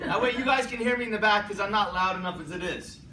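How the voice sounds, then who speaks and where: A man's voice: high voice, fast talker, bright, forceful tone. A man telling joking, self-deprecating stories as a guest on a convention panel, speaking into a handheld mic. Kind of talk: casual anecdote telling. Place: large convention hall. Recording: echoey hall, distant mic, faint noise.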